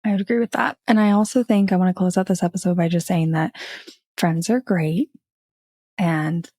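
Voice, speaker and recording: Earnest woman host, gravelly edge. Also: fairly low pitch, moderate pace, a little mellow, no echo, clean studio sound. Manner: earnest, reflective, upbeat. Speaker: podcast host. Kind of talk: casual podcast chat and outro.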